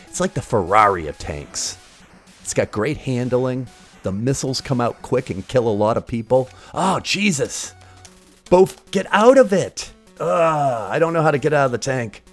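A man streaming retro games, giving casual live commentary in a crude, sarcastic, joking way. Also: mid-range voice. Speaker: game streamer.

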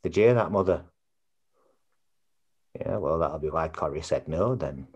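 A man's voice: very deep voice, expressive, unhurried, darkish tone, breathy edge, dull audio, full character voice. An actor playing a chatty son planning a funeral, blunt and earnest, always checking with his mother. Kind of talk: comedy series acting on a video call.

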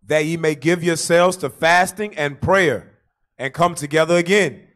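A man reading scripture aloud in a steady, respectful way. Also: a little high, unhurried. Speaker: scripture reader.

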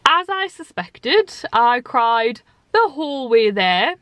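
A woman's voice: a little high, sing-song, slow pace, a bit bright. Chatty woman vlogging to camera. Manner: chatty, rambling, many fillers and restarts. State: slightly losing her voice. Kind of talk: casual chat to camera.

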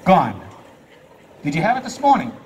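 A man's voice: high voice, huge pitch swings, moderate pace, slight background noise. A man performing as a stage hypnotist, giving playful commands to volunteers and laughing often. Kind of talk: live stage show patter. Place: live theater stage. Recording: distant live stage sound.

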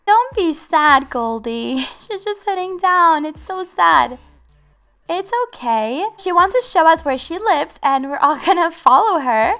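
A woman's voice: very high-pitched, sharp tone. A woman hosting a game channel, giving bubbly, giggly roleplay commentary to her viewers.

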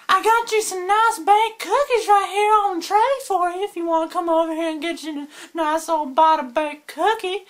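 A doddering, sweet old granny in a comedy sketch, her quavering voice pitched extremely high. She drags every word out slowly and fusses over her cookies. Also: fairly bright tone. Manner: quavering, drawn-out granny falsetto.

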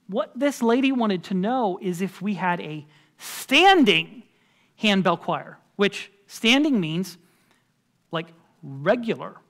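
Emphatic pastor preaching a sermon. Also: male voice, high-pitched, expressive, slow, fairly bright tone. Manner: conversational and emphatic, with frequent fillers. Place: church sanctuary.

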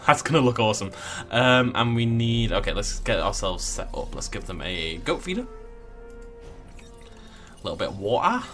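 Male let's player, casual, jokey, theatrical swings in pitch. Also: sing-song, normal speed, a bit bright, soft background music. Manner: playful, jokey, mock-dramatic. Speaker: gameplay commentator. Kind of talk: casual let's play commentary.

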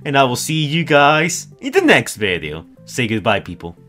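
A man's voice: mid-range voice, huge pitch swings, moderate pace, sharp tone, faint music behind. A man hosting a casual chat over a call, joking and sarcastic with his friends. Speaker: channel host.

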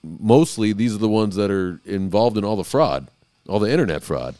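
A man hosting a casual podcast, his voice sitting on the low side and recorded dry and close. He talks loosely and swears freely. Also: expressive, normal speed, warm tone, no echo, soft background music. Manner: loose, profane, laid-back. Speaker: podcast host. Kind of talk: casual chat.

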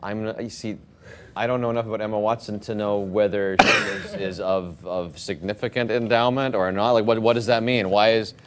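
A man's voice: fairly low pitch, fairly even intonation, moderate pace, slight background noise. A middle-aged man, a guest news anchor, reading odd headlines in a mock-serious anchor delivery and chatting about them.

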